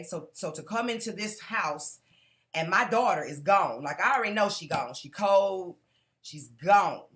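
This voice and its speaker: Earnest low-voiced woman. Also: fairly bright tone. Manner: earnest, direct, keeps calling out to the audience. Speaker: conference speaker giving a testimony. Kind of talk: personal testimony to a live audience.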